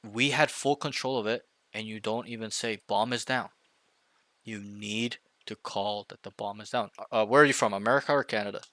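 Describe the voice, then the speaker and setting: Bright-voiced, emphatic male coach. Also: fairly low pitch, moderate pace, dry recording. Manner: emphatic, often checks in with 'right?', acts out loud team callouts. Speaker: game coach. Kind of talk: one-on-one coaching over voice chat.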